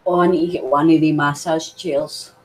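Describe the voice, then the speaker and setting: A woman's voice: sits low, fairly even intonation, moderate pace, slightly rough, rough recording. A woman with a Scottish accent chatting casually on a video call, laughing often and teasing about how words are said. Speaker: craft livestream co-host. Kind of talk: casual chat.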